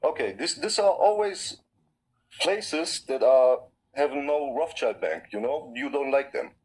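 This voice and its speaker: A man's voice: mid-range voice, expressive, a little slow, darkish tone, low-quality recording. A man calling into a live stream to argue, speaking loose, ungrammatical English. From Europe. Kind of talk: call-in debate.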